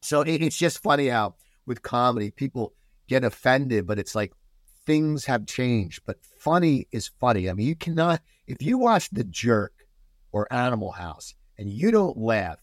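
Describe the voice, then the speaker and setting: Brief: middle-aged man, animated guest storyteller, dry close sound. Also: medium pitch, moderate pace, no echo. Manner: animated storyteller, restarts a lot. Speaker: podcast guest. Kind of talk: casual podcast chat.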